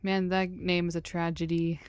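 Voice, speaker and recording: A woman's voice: on the low side, level tone, moderate pace, smooth, no echo. A woman giving wry, joking commentary on a game she plays, and she swears freely. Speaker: game streamer. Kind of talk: let's play commentary.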